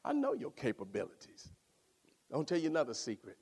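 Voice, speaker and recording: A man preaching a sermon, swinging from loud exclaiming to hushed near-whispers. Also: medium pitch, huge pitch swings, fairly quick, husky.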